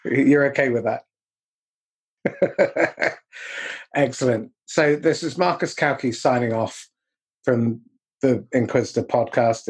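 A male podcast host with a husky, slightly rough voice speaks in an earnest, friendly way. He laughs easily and closes the show with a sign-off. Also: mid-range voice, a little mellow. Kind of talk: casual interview chat.

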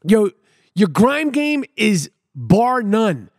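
A middle-aged man riffs through a comic story as a podcast host, stacking words for emphasis and tossing in street slang. His voice sits fairly high, and it is recorded dry and close with no room sound. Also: very animated, very slow, creaky, dry recording. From New York City. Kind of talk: comedic storytelling monologue.

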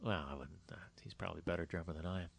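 A man hosting a podcast, relaxed and curious, asking lots of questions. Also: deep voice, racing, creaky, dry recording. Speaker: podcast host. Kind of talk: casual chat.

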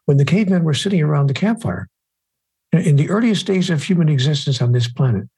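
Older man, guest, very husky, warm dark tone, emphatic storyteller. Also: a little high, animated, brisk, rough recording. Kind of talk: reflective conversation.

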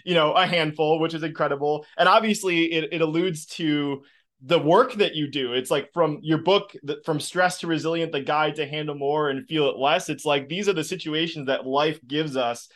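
A man's voice: on the high side, moderate pace, fairly bright tone. A man hosting a podcast, talking to his guest in an enthusiastic, loose, rambling way. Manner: enthusiastic, loose, with fillers and restarts. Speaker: podcast host. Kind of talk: conversational podcast interview.

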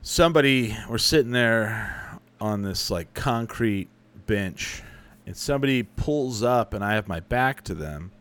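A man's voice: lowish voice, expressive, a little slow, fairly bright tone. A young adult man chatting casually as a podcast host, answering listener questions with rambling, profane, self-correcting stories. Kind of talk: casual chat.

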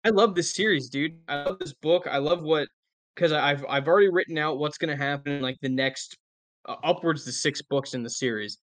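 Excitable author dude on a podcast, slightly high voice, dry mic. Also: male voice, dry recording. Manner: excitable, quick bursts of enthusiasm. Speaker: author guest. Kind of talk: casual interview chat.

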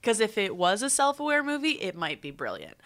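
A woman's voice: medium pitch, wildly swooping pitch, a little fast, fairly bright tone. A woman in her twenties co-hosting a podcast in casual chat, jokey and rambling, often laughing. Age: 20s. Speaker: podcast co-host.

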